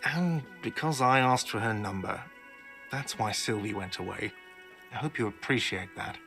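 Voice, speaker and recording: A man's voice: fairly low pitch, moderate pace, music in the background, natural voice. An actor playing a testy male manager who answers in a sarcastic, curt way. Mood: irritable.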